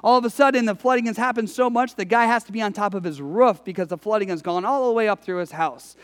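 High-voiced male pastor preaching in a hall. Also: quick pace. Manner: storytelling, emphatic, conversational preaching. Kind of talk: sermon.

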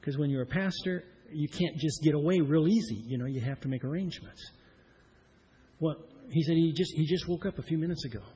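A pastor from Iowa preaching a personal story in an earnest, repetitive style that grows louder at its points. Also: male voice, a little high, fairly quick, breathy edge. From Iowa, USA.

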